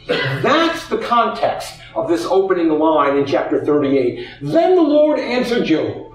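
Expressive male preacher in an echoey hall. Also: fairly high pitch, a little slow. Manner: expressive, acts out quoted voices. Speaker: pastor. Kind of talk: sermon. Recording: echoey room, heard from a distance.

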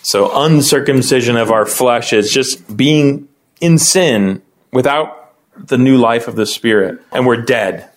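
Chatty man teaching a Bible class. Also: measured pace. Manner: conversational, calls on people by name to read; lively, often rising in pitch when explaining.

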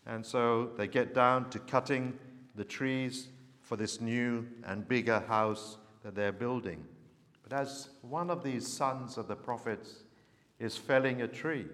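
A man preaching a sermon, telling a story in an earnest, unhurried way. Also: medium pitch, a bit bright, big-room sound.

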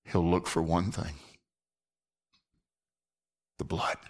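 Low-voiced earnest male preacher. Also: little pitch movement, takes it slowly. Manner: earnest, drops to a hushed near-whisper for emphasis. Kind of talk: sermon.

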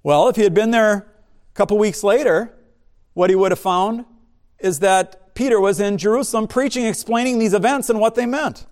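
A man's voice: high-pitched, normal speed, darkish tone. A man pastor giving a sermon, preaching in a conversational way with asides and humor.

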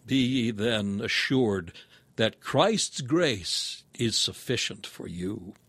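A man's voice: animated, a bit bright, husky, no echo. Solemn man reading an old sermon. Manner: solemn and measured, rising in pitch for emphatic appeals. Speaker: preacher. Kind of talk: reading a sermon aloud in old-fashioned scriptural language.

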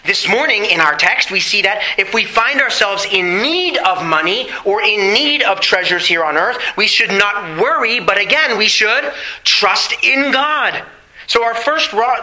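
A middle-aged man preaching a sermon, asking the congregation questions and slowing down on key phrases. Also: high voice, sharp tone, rough recording. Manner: preaching with rhetorical questions and emphatic slow phrases. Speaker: pastor.

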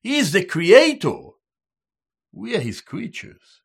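A man preaching a sermon as a Bible teacher, slow and emphatic, repeating each key term in Hebrew and English. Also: high-pitched, wildly swooping pitch, gravelly, breathy edge.

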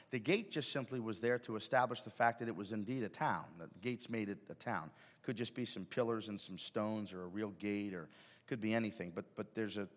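A man preaching a sermon as pastor, swinging from hushed asides to shouted emphasis. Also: on the low side, long reverb tail. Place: church sanctuary.

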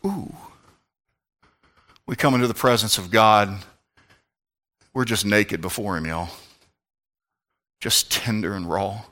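A fervent male pastor delivers a sermon in a lowish, bright, forceful voice. He swings between shouting and hushed, intimate tones. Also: fairly even intonation, measured pace, long pauses.

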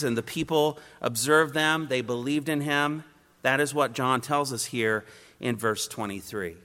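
A man's voice: mid-range voice, sharp tone, in a large hall. A man preaching an expository sermon, emphatic and driving his points home in repeated triads.

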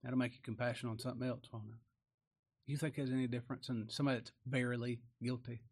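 A man's voice: mid-range voice, level tone, fast talker, darkish tone. A man preaching a folksy sermon, often asking rhetorical tag questions and chuckling.

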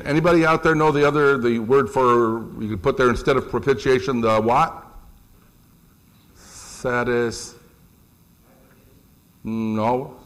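This animated sermon comes from a middle-aged man who lifts his pitch for emphasis and keeps asking the congregation questions.

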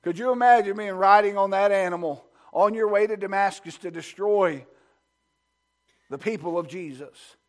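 A man's voice: sits high, moderate pace. A man preaching a fervent sermon, asking the congregation questions and building his points through repeated phrases. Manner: asks the congregation rhetorical questions.

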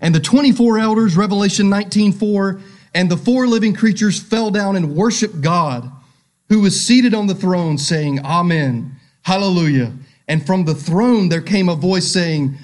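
Preaching at normal speed, this pastor has a high, lively voice. He reads from scripture, asks his listeners questions directly, and shifts back and forth between loud emphasis and quiet, hushed moments.

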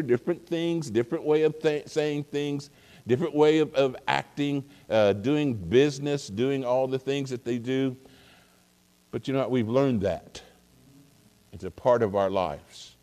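Recorded with long hall reverb, a mellow, lowish male voice tells a casual sermon story, folksy and wandering, with plenty of fillers and false starts.

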